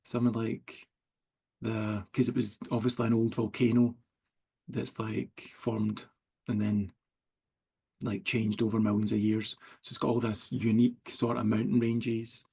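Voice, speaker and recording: A man's voice: on the low side, level tone, unhurried, vocal fry, a little mellow, slightly rough. A middle-aged Scottish man, a writer as interview guest, rambling through anecdotes full of likes and quoted dialogue. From Scotland. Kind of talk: casual storytelling chat.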